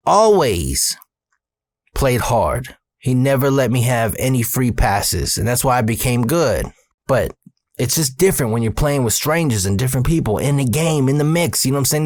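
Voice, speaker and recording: A man in his thirties from Arizona, USA, hosts as a storyteller, telling a personal story in a casual, profane way with streetwise slang. His medium-pitched voice gets animated when he's excited, and the recording has no echo.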